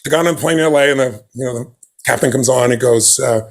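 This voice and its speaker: A man as a podcast guest, telling a story in conversation with emphatic, animated delivery, acting out the dialogue he quotes. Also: medium pitch, fast talker, gravelly.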